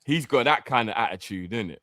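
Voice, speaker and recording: A man's voice: medium pitch, animated, fairly quick, fairly bright tone, no echo, studio quality. A young man, co-hosting a football fan show and joking in slangy talk full of tag questions. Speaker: fan podcast co-host. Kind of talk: casual football banter.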